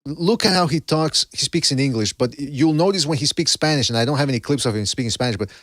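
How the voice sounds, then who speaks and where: A man's voice: medium pitch, fast talker, a bit bright. A man hosting a casual podcast, joking, laughing often and drifting into asides. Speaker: podcast host.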